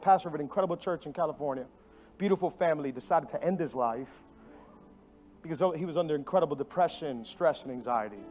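Man, pastor, high voice, church sermon, animated, emphatic repetition, sudden hushed drops, soft music behind. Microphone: microphone.

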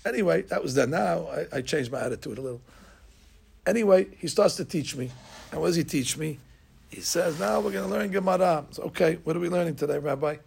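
An older man tells a moral story with animated gusto, slipping into the voices of the people in it. His voice sits a bit high for a man and is rough and gravelly, with a husky, breathy edge. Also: a little fast. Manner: animated, acts out dialogue, laughs at his own story. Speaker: storyteller giving a lesson. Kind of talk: storytelling sermon.

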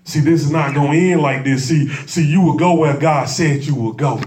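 A pastor with a high, bright-edged voice drives his sermon hard, trading call-and-response with the congregation and jumping to shouts. He's picked up from some distance in an echoing church sanctuary. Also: moderate pace. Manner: impassioned preaching with call-and-response and humor; bursts into shouting. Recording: echoey room, mic at a distance.

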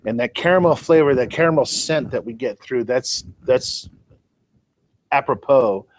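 A man's voice: mid-range voice, normal speed, a little hiss or hum. A man co-hosting a casual podcast, explaining things with everyday comparisons and a loose, self-deprecating manner. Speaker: podcast co-host. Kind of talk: casual chat.

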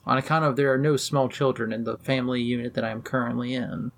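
A young adult podcast co-host with a gravelly, creaky voice at an ordinary pitch. They talk in a relaxed, wry way, full of "like" fillers, as they recap episodes with a friend. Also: fast. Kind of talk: casual anime recap chat.

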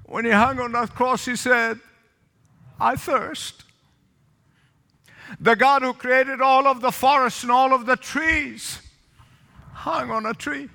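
A man's voice: very high voice, steady tone, measured pace, gravelly, bright, forceful tone, in a large hall. A male pastor preaching a sermon, calling for responses from the congregation and repeating lines for emphasis. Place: church sanctuary with balcony.

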